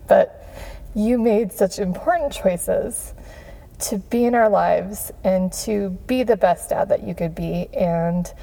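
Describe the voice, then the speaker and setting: A podcast host in her thirties giving heartfelt thanks, gushing, with frequent pauses and fillers. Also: fairly low pitch, vocal fry, dark tone. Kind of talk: heartfelt Father's Day shout-outs.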